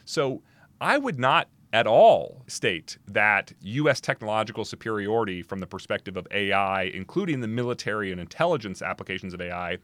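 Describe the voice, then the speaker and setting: A man answering as the guest expert in a podcast interview, talking in an animated, emphatic way with quick restarts and asides. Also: on the low side, no room sound.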